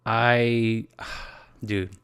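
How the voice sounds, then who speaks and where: A man's voice: medium pitch, little pitch movement, extremely slow, a bit bright, clear, resonant tone, no echo, clean studio sound. A man in his twenties with an American accent, hosting a casual solo podcast, talking loosely with lots of "dude" and swearing, at times turning tearful. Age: 20s. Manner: casual, swears a lot, says "dude" often; gets tearful and emotional. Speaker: podcast host.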